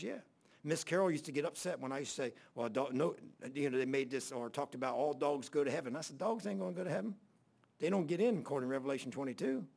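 A man preaching a sermon in a folksy, halting way with many fillers, reading scripture aloud in old-fashioned wording. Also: medium pitch, gravelly. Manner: reads scripture aloud in King James wording. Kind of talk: sermon Bible teaching.

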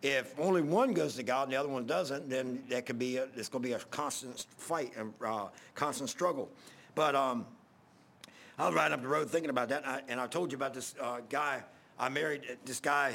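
A middle-aged pastor, preaching in a folksy, rambling storytelling way, repeating himself and getting loud at emotional peaks. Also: male voice, mid-range voice, brisk.

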